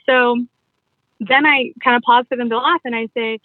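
A woman casually explaining her jewelry party sales routine in a playful, upbeat way, with self-corrections and quick laughs. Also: on the high side, steady tone, no room sound. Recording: tinny phone-line audio.

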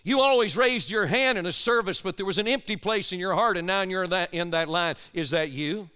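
A man's voice: high voice, brisk, bright, forceful tone, clear, resonant tone. A man preaching an urgent, impassioned sermon to young people at a camp. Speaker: evangelist preacher.

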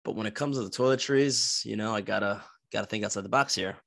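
A young man from New Jersey rambles through a crude, animated story on his podcast. His voice is bright and forceful, with plenty of swearing and false starts. It is recorded dry and close, with little room sound. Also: on the low side, quick pace, gravelly, no room sound. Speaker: podcast host. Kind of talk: casual storytelling monologue.

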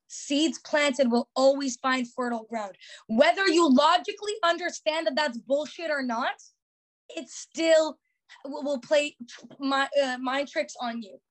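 High-voiced emphatic young woman. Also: measured pace. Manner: emphatic, repeats key phrases, frequent "like" fillers. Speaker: podcast host. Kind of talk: motivational podcast talk.

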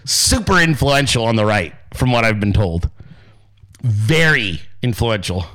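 A man hosting a podcast, ranting in a casual, sarcastic and profane way with loud outbursts. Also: fairly low pitch, lively intonation, measured pace. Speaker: podcast host.

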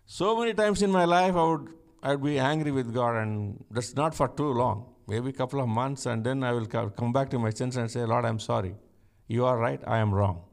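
A man's voice: mid-range voice, fairly quick. A man preaching a conversational sermon, asking rhetorical questions and chuckling now and then.

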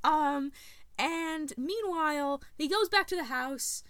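A woman's voice: sits high, slow, slight background noise. A woman in casual chat, retelling a film's plot to a friend with lots of laughs and fillers. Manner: animated, laughs often, many fillers. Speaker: podcast co-host recapping a film.

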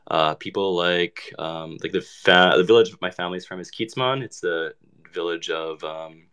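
Very low-voiced man, hesitant chat. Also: moderate pace, pushed and bright, clear, resonant tone. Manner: hesitant, many fillers and restarts. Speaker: participant in an online audio chat. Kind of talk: casual group conversation.

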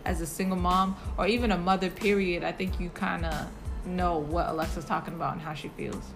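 A woman's voice: lowish voice, steady tone, fairly quick. Supportive woman hosting a podcast. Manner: supportive, frequent short affirmations. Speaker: podcast host. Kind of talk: casual podcast conversation. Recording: faint music behind.

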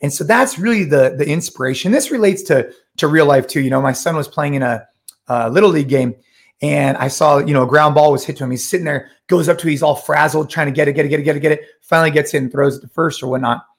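A man's voice: a little high, fast, vocal fry. A middle-aged man hosting a short solo podcast, talking casually and with energy, often retelling conversations. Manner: energetic, conversational, retells chats with quoted voices. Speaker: podcast host.

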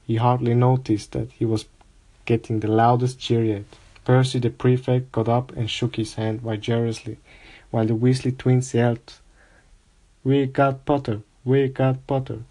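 A man calmly narrating a storybook aloud, with an even reading pace and small slips. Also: medium pitch. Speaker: audiobook reader.

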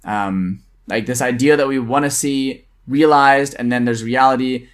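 A man's voice: medium pitch, fairly even intonation, a little slow. Earnest man co-hosting a faith podcast. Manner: earnest, reflective, with restarts. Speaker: podcast co-host, deacon. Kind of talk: casual chat.

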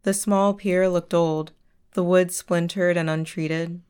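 A woman narrating a story as an audiobook reading in a measured storytelling manner. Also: on the low side, fairly even intonation, darkish tone, clear, resonant tone.

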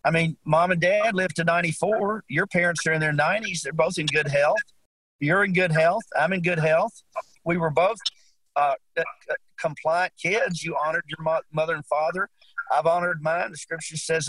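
A man's voice: fairly high pitch, a little fast, a bit bright, no room sound, low-quality recording. An older man tells a personal story in an interview, talking earnestly and repeating himself when moved. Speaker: guest.

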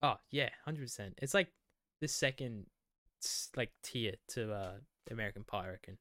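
A man's voice: mid-range voice, normal speed, pushed and bright. A man co-hosting a podcast, rambling and swearing casually as he retells TV scenes. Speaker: podcast co-host. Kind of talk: casual chat.

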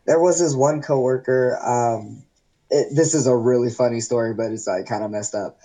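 A man's voice: medium pitch, moderate pace, low-quality recording. A man, a podcast guest, telling stories in a casual, rambling way, full of fillers. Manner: rambling, filler-heavy, animated retelling. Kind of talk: casual storytelling chat.

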